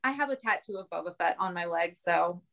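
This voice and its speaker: A woman's voice: lowish voice, animated, a little fast, vocal fry, fairly bright tone. A woman guesting on a podcast in casual chat, talkative, with lots of "like" and frequent laughs. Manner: chatty, lots of "like", laughs often.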